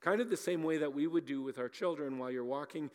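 A man preaching a sermon as a pastor, animated, often repeating words as he talks and acting out little scenes. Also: on the high side, fast talker, long reverb tail.

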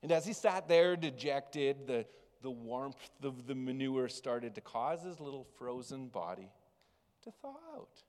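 A man preaching a sermon as pastor, telling a story with big swings between loud and hushed. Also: mid-range voice, lively intonation, a little slow. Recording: long reverb of a large hall.

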